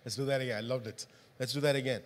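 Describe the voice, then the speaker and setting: A man's voice: medium pitch, steady tone, rapid-fire, a little hiss or hum. A male pastor preaching a sermon, often asking the congregation questions. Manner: interactive, asks the congregation questions. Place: church hall. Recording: long hall reverb.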